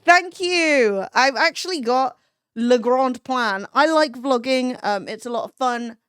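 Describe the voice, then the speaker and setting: A woman's voice: high voice, animated, measured pace, a bit bright, clear, resonant tone, no echo, clean studio sound. A young woman live-streaming, chatting casually with her chat, swearing freely and laughing often.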